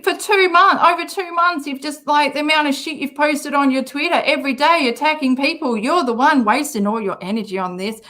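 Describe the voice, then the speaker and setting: A woman's voice: high voice, a little fast, hardly any pauses, bright, forceful tone. An Australian woman hosting a commentary channel, reacting to a clip in a sarcastic, mocking way and swearing often.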